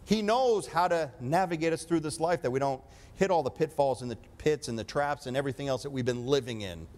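Male preacher, slightly high voice, emphatic sermon delivery with call-and-response. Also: fairly quick, a little mellow. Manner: emphatic preaching, asks congregation for amen.

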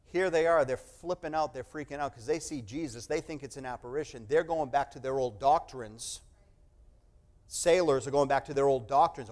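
A man preaching a sermon, animated, swinging from quiet asides to loud, emphatic passages and acting out the voices he quotes. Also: medium pitch.

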